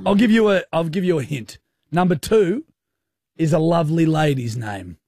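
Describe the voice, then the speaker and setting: A man's voice: a little high, animated, moderate pace, dark tone, breathy edge, dry recording, studio quality. A man hosting a radio quiz, teasing contestants along with cheeky hints.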